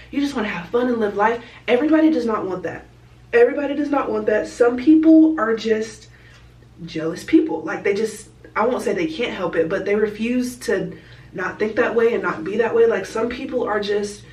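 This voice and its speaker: A woman's voice: medium pitch, a little mellow, roomy sound, distant mic, poor audio. A young woman talks straight to her viewers in a loose, candid vlog, filling her sentences with "like". She sits back from the mic, and the room around her rings a little. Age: young adult. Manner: chatty, candid, fillers of "like". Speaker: vlogger. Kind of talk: casual chat.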